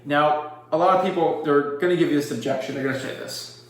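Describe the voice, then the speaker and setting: A man coaching on real estate wholesaling, direct and salesy, acting out his rehearsed pitch lines. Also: brisk. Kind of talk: instructional talk with sample sales pitches. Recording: very echoey room.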